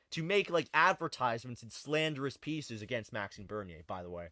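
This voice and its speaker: A man's voice: mid-range voice, expressive, normal speed, few pauses, bright, forceful tone, dry recording. A man hosting an online political commentary show, reading articles aloud with sarcastic, rambling asides. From Canada. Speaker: host.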